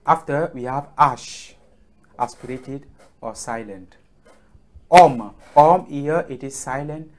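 A male teacher walks through the alphabet, repeating drill words again and again. He speaks slowly and haltingly, stopping often on fillers. His voice sits at a middling pitch. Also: fairly bright tone. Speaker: French teacher. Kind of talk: classroom lesson on the alphabet.

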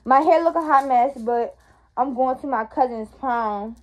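A woman's voice: high voice, a little slow, highs cut off. Tired, chatty teen girl vlogging. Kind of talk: casual vlog talk to camera. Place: bedroom indoors.

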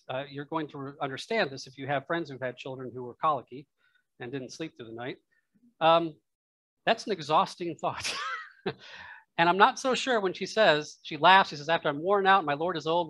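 A pastor with a fairly high, fairly bright voice preaches a sermon in church, musing casually aloud with asides and laughs. There's no echo.

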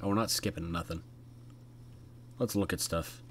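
A man's voice: low voice, fairly even intonation, normal speed, a little hiss or hum. A man casually commentating a horror game as he plays, chatty and jokey, talking back to the characters. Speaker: gaming YouTuber. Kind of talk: casual let's-play commentary.

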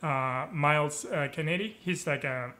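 Bright, high-voiced man telling lively stories. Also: normal speed. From Germany. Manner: animated storyteller who acts out quoted dialogue with lively voice shifts; peppers talk with "you know" and "right". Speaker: interview guest. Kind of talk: casual storytelling conversation.

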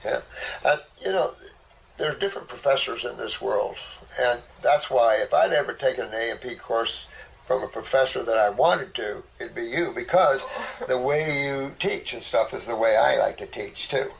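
A man's voice: medium pitch, normal speed, gravelly, slight background noise, rough recording. An older man hosting a casual talk, a blunt and boastful storyteller. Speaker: host. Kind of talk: casual conversation.

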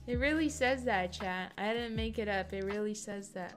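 A woman's voice: medium pitch, moderate pace, hardly any pauses, over music. A young adult woman streaming live, chatting casually with her audience in a gushing, effusive way and swearing now and then.

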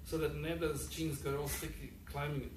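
A man reading his own fiction aloud at a public event, halting with frequent fillers. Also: a little high, fairly even intonation. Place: event hall. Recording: echoey room, distant mic, faint noise.

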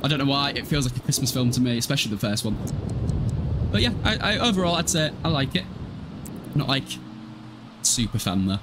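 A man's voice: medium pitch, animated, brisk, pauses often, noisy background. Chatty laughing man from Hull. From Hull, East Yorkshire, England. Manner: chatty, laughs often, swears casually. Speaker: gaming livestreamer. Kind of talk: casual gameplay livestream chat.

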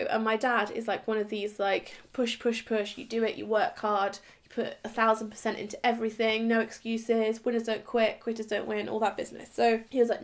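English girl telling a story to her camera, a bit high voice, lively, does little voices for people. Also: fairly quick. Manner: chatty, animated, acts out quoted voices. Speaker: vlogger. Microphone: camera a few steps away.

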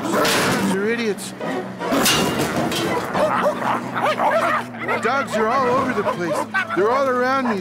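An actor playing a lazy, sarcastic male orange cat in a cartoon, with a dry, slow drawl. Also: on the high side. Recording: cartoon soundtrack with loud music.

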